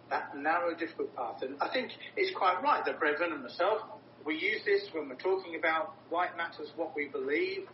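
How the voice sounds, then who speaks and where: With a low rumble and a dull, roomy sound, the distant recording captures a man preaching. His sermon is emphatic and earnest, with words often repeated for stress.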